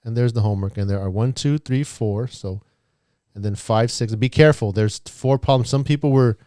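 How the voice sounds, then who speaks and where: A man's voice: mid-range voice, moderate pace, mellow, dry recording, studio quality. A man teaching a math class online, chatty and walking students through each step aloud.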